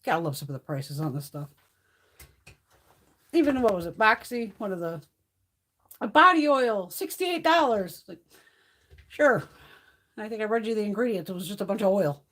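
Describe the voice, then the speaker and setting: A woman's voice: medium pitch, very animated, normal speed, long pauses, a bit bright. A middle-aged woman hosting a beauty livestream, chatting casually with viewers and telling stories full of swearing and laughter. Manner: profane, laughing storyteller. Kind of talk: casual chat with live viewers.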